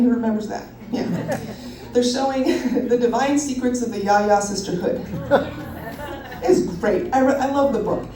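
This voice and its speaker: A woman in her thirties telling a personal story live on stage, animated and self-mocking, laughing often. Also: on the high side. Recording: roomy hall from a distance.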